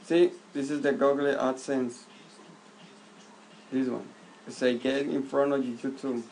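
Gravelly man walking through a tutorial. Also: medium pitch, steady tone, a little mellow, rough recording. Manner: halting, repeats words, simple direct instructions. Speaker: YouTuber giving a tutorial. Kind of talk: casual screen-recorded walkthrough. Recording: faint background noise.

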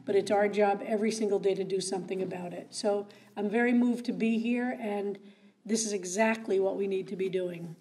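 A woman's voice: mid-range voice, warm tone. A woman rabbi speaking as a guest at a meeting, earnest with wry asides. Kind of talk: public talk. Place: meeting room.

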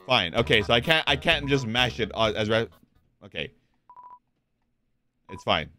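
Excitable, foul-mouthed gamer guy. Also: mid-range voice, unhurried, pauses often, soft background music. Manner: excitable, profane, reads game text aloud. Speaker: streamer. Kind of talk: casual gameplay commentary.

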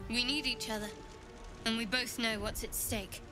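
Composed, earnest young cleric voiced by a woman for a video game, fairly high and steady, music in the background. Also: moderate pace, close to an everyday voice.

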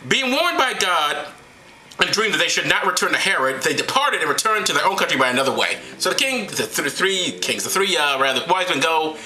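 A man's voice: a little high, sing-song, brisk, pushed and bright, roomy sound, poor audio. A man hosting a comedic Bible retelling, talking in a rambling, profane, sarcastic way. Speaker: host.

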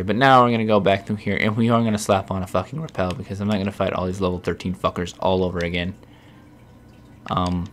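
A man's voice: low-pitched, slight background noise. A young man casually commentating his gameplay, swearing often and getting exasperated with himself. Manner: profane, self-deprecating, easily exasperated. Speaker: Let's Play host.

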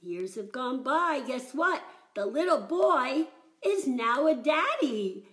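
A woman teaching children's music in a live-streamed sing-along, animated and chatty, greeting viewers by name. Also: sits high, slow pace, echoey room.

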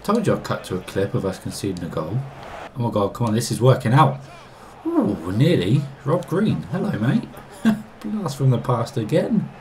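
Excitable man commenting on a game. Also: mid-range voice, moderate pace, a little hiss or hum. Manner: excitable, mock-arguing with the game, frequent laughs. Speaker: gaming YouTuber. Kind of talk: casual gameplay commentary.

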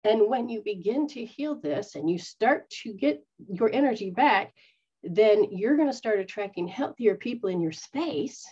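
Woman, spiritual teacher, earnest, acts out quotes, breathy mid pitch, dull recording. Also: lively intonation, measured pace, warm tone. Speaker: psychic medium and spiritual teacher. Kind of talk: spiritual talk to followers. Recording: dull lo-fi sound.

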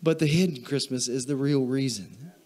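Emotional pastor preaching a sermon. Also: male voice, mid-range voice, normal speed, darkish tone. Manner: emotional, chokes up while reading; repetitive preaching cadence, call and response. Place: church sanctuary.

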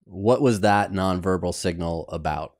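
A man hosting a podcast interview, asking measured follow-up questions and summarizing the guest's points. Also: low voice, darkish tone. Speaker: podcast host.

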